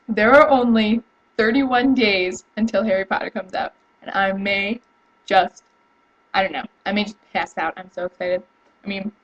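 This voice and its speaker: A young woman chatting casually to camera at home, rambling and excitable, with lots of fillers and restarts. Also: medium pitch, rough recording. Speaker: vlogger. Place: home room.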